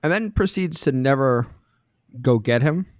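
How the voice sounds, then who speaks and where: A man co-hosting a movie podcast who asks dry, drawn-out rhetorical questions in casual chat. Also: mid-range voice, expressive, dry recording. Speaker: podcast co-host.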